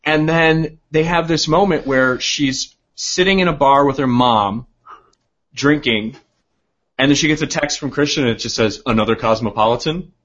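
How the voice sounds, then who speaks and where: A man's voice: fairly high pitch, a little slow, a bit bright, dull audio. A man co-hosting a casual comedic podcast, animatedly retelling and acting out movie scenes. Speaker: podcast co-host.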